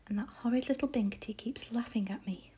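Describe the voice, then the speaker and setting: A woman's voice: fairly high pitch, a little fast, mellow, husky. A woman voicing a worried male squirrel, plaintive, in whispered role-play. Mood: distressed.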